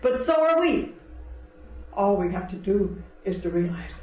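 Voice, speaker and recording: High-voiced preaching man on an old tape. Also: sing-song, normal speed. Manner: earnest, preaching cadence, scripture quotes. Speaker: spiritual teacher. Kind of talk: sermon with parables. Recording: dull, roomy, distant old lecture tape.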